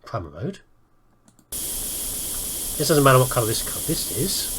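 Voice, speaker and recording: A man's voice: mid-range voice, sing-song, a little slow, background noise. A man giving casual let's-play commentary, rambling and thinking aloud with self-mocking asides. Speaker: gaming video host.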